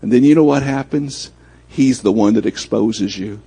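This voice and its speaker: A man's voice: medium pitch, normal speed, vocal fry, warm tone, slightly rough. A man preaching a sermon in a folksy, conversational way, acting out little bits of dialogue as he goes. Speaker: pastor.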